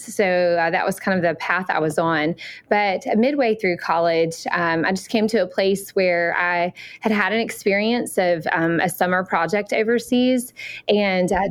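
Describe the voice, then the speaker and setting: A woman in her forties from Alabama with a Southern accent, speaking earnestly as a missionary guest in an interview, with frequent pauses and fillers. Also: medium pitch. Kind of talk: interview conversation.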